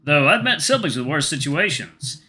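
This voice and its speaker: A man's voice: on the high side, big pitch swings, moderate pace, bright, forceful tone, soft background music, voice pushed up. Man doing an easygoing young boyfriend. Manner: easygoing, friendly. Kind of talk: visual novel read-aloud.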